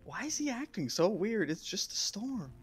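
A grumpy third-grade kid who grumbles about rain and mud, read aloud by a streamer. The voice sits mid-pitch and bobs up and down a lot. Faint music plays behind it. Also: very animated, moderate pace, slightly rough. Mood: complaining. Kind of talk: reading game lines aloud.

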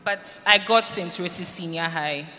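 A woman's voice: lowish voice, unhurried. A woman from Ghana, giving an earnest personal testimony to students and acting out what people said. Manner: earnest storytelling, acts out quoted lines. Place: large hall at a school event. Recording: reverberant hall, faint noise.

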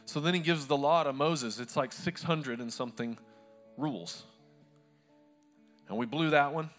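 Male pastor with a bright, driving voice; casual, humorous storyteller from the pulpit. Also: on the high side, normal speed, faint music behind. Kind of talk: sermon. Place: church before a live congregation.

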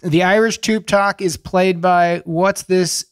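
A man's voice: sits high, fairly even intonation, slow, clear, resonant tone, dry recording, studio quality. A man co-hosting a comedic advice podcast, grilling a caller with mock-serious leading questions. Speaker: co-host.

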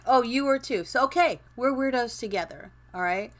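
A woman's voice: a little high, expressive, normal speed. A woman in her fifties from Arizona, chatting casually and rambling with laughs while she builds in a game on stream. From Phoenix, Arizona. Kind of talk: casual chat while gaming.

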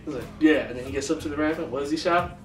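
A man co-hosting a casual chat, telling a story with lively acted-out quotes. His voice sits a bit high and comes from some distance off the mic. The room rings with echo, and faint music plays behind. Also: quick pace. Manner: animated storyteller, acts out quotes. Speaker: podcast co-host.

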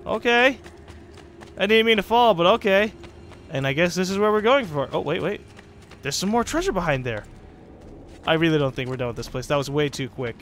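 A young man casually commenting on his gameplay as a let's play host, chatty and sarcastic with excitable outbursts. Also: sits high, a little fast, long pauses, a little hiss or hum.

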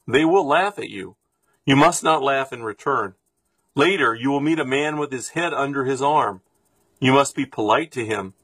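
A man reading a storybook aloud, voicing a wise old woman who gives advice slowly and evenly, with a husky voice. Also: mid-range voice, a bit bright, dry recording. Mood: calm. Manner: slow, measured.

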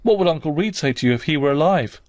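A man's voice: a little high, moderate pace, a little mellow, no room sound, studio quality, pitched above the performer's own voice, close to an everyday voice. A man voicing a defiant young orphan girl in an audiobook, speaking out boldly. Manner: outspoken, defiant.

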